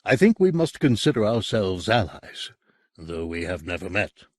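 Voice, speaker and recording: A man doing a cultured, funereal old gentleman. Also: low-pitched, very animated, no echo. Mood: grave. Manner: cultured, persuasive, measured.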